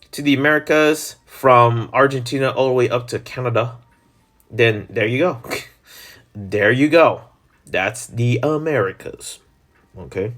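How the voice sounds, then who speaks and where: A man in the middle of his range, talking off the cuff as a solo channel host. He rambles and jokes, and his voice keeps jumping up and dropping low as he goes. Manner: rambling, jokey, animated pitch swings. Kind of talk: casual solo gaming chat.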